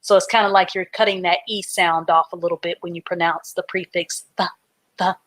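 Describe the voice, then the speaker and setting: A woman's voice: lowish voice, steady tone, fairly quick, fairly bright tone. A woman teaching a live online reading class, patiently spelling words out letter by letter and explaining them simply.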